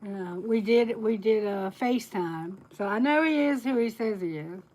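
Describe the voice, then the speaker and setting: A tarot reader chats loosely and candidly with her live-stream viewers, laughing often. Her voice sits in an ordinary middle range, a little mellow, at a moderate pace, and the recording is rough.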